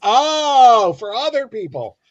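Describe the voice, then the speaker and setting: A man's voice: extremely high pitch, sing-song, slow pace, no room sound, muffled recording. A man, a comic book writer, chatting on a video-call livestream, rambling with lots of restarts and fillers. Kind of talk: casual chat on a livestream.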